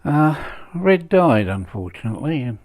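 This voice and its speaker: A man in his seventies giving a rambling casual monologue, halting and full of fillers, with dry wry humor. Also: fairly high pitch, big pitch swings, darkish tone. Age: 70s. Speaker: vlogger.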